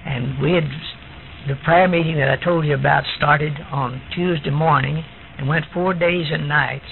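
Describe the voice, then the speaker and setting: Man preaching, telling a story plainly, kinda gravelly voice, sounds like an old phone-quality tape. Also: a little high, fairly even intonation, moderate pace. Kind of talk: sermon testimony. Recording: tinny lo-fi recording with faint hiss.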